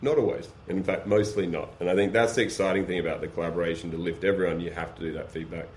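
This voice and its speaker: A man's voice: sits low, fairly even intonation, fast talker, a little mellow. A man on a podcast interview, explaining energetically with practical examples and rhetorical questions. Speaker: guest, beef supply chain business. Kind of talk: casual podcast conversation.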